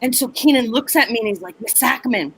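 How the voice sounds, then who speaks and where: A woman comedian and teacher telling a story on a video call, animated and laughing, acting out voices. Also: a little high, fast talker, breathy edge, poor audio. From Minneapolis area.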